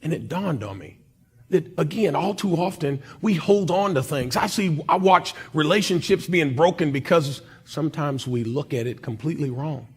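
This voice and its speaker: A man from Oklahoma telling a personal story as a guest speaker in a church chapel, with dramatic swings in loudness and pitch. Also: breathy edge. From Oklahoma, USA.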